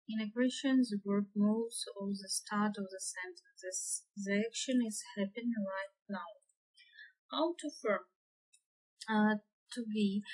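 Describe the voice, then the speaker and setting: Slow, hesitant woman teaching grammar. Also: mid-range voice, a little mellow, low-quality recording. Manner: hesitant, many fillers and restarts. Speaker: English teacher. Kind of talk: grammar lesson.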